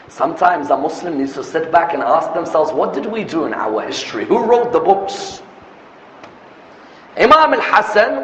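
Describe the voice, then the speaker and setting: A man's voice: sits high, a bit bright. A man preaching a sermon with passion, asking rhetorical questions and building to emphatic peaks. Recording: echoey hall, muffled lo-fi sound, faint noise.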